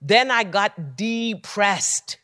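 A man preaching a sermon. He swings from near-whispers to shouting and leans on repeated refrains. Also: sits high, animated, very slow, dry recording, clean studio sound. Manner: repetitive preaching cadence. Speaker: pastor.

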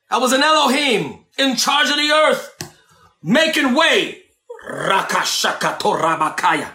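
A man preaching a sermon, shouting and dramatic, with asides to the congregation. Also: very high voice, roomy sound.

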